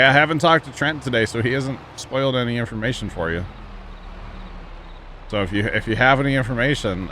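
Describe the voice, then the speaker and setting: A man's voice: lowish voice, sharp tone, slight background noise. A man casually chatting with his viewers while playing a farming game, rambling and laughing at himself. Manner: rambling, talks to chat, chuckles at himself. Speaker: livestream gamer.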